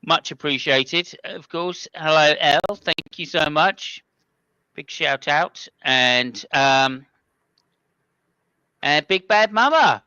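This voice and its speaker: A man's voice: fairly high pitch, slow pace, sharp tone, smooth, no room sound, dull audio. A man hosting a casual comedic racing commentary podcast, rambling and joking with playful stutters. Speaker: podcast host.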